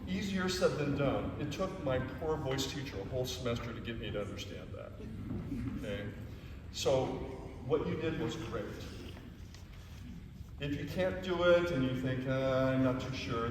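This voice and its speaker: A man conducting a choir rehearsal, giving patient, encouraging instructions and joking about his own singing. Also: mid-range voice. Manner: encouraging, self-deprecating, explains patiently. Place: large concert hall. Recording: echoey hall from far off, with background noise.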